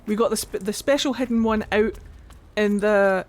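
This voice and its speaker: A man's voice: high-pitched, moderate pace, few pauses, a little hiss or hum. A man with a Scottish accent giving casual, rambling let's-play commentary, mocking himself and thinking aloud. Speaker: streamer playing a game.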